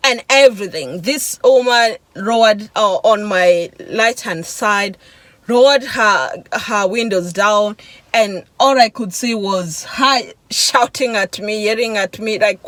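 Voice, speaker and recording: A woman vlogger telling an emotional personal testimony, halting and searching for words, with sighs and restarts. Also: medium pitch, a bit bright, no room sound, low-quality recording. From Africa.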